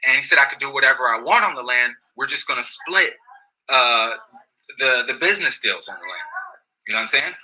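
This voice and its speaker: A man's voice: medium pitch, a little fast, slight background noise, rough recording. A man casually telling a story in slangy speech, often restarting and repeating phrases. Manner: slangy, repetitive, restarts phrases, animated retelling. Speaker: storyteller recounting his experience.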